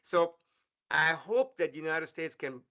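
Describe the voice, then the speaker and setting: A man hosts a live talk show. He spins anecdotes earnestly, restarting his phrases often. His voice sits slightly higher than most men's. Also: expressive, a little slow, bright, forceful tone. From Iran. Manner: earnest, storytelling, many restarts.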